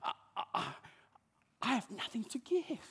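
A man's voice: very high-pitched, huge pitch swings, unhurried, gravelly, pushed and bright, husky, big-room sound, voice pushed up, exaggerated voice. A man putting on a stammering homeless boy. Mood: pleading. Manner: stammering, pleading. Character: poor homeless eleven-year-old orphan boy, humble.

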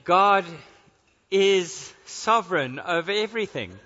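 A man's voice: high-pitched, expressive, slow pace, bright, forceful tone, in a large hall, dull audio. A man preaching a sermon, telling a story and then building to earnest emphasis.

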